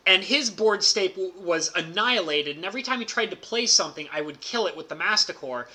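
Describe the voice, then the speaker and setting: A man streamer telling a casual, excitable story about a card game, packed with "like" fillers and bursts of laughter. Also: high voice, fairly quick.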